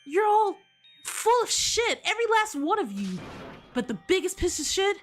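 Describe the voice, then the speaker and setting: A woman's voice: very high-pitched, sing-song, normal speed, soft background music, pitched above the performer's own voice. A woman reading out the lines of a furious young man lashing out at his friends, raising her voice.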